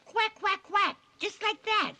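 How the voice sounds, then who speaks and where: A woman's voice: high-pitched, wildly swooping pitch, moderate pace, bright, forceful tone, heavily acted. An actress voicing a nosy, gossiping elderly neighbor woman in a dubbed film, talking in a chatty, breathless way.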